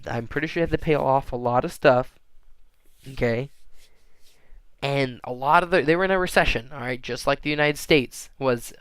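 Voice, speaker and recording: A man's voice: mid-range voice, fairly bright tone, smooth, no echo. A man rambling through a casual monologue, often restarting and tagging on "all right?". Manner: halting, frequent restarts and fillers.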